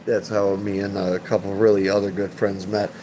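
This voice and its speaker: A man in his thirties chatting on a live stream, rambling and swearing, halting with fillers and repeats, emotional and choked up. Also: fairly low pitch, level tone, warm tone, a little hiss or hum, low-quality recording. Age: 30s. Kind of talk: casual live-stream chat.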